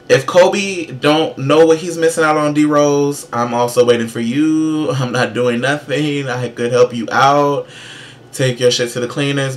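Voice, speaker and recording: A man hosting his own casual show, giving sassy, profane, emphatic pop-culture commentary with brash shout-outs. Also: mid-range voice, slight background noise. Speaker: show host.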